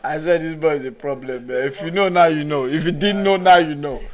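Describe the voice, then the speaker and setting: A man's voice: fairly high pitch, brisk. A young man hosting a music reaction channel, talking in casual, hyped commentary full of slang. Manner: slangy and hyped, calls listeners "blood" and "broski". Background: song playing faintly.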